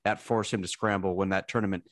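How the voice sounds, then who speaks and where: A man in his thirties co-hosting a casual podcast, telling stories in an animated, self-deprecating way. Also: low-pitched, fast talker, no echo, clean studio sound. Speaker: podcast co-host.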